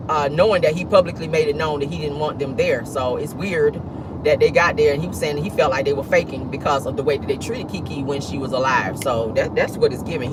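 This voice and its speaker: A host giving casual gossip commentary from a moving car, sassy and animated, laughing often. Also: medium pitch. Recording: noisy car interior, road noise.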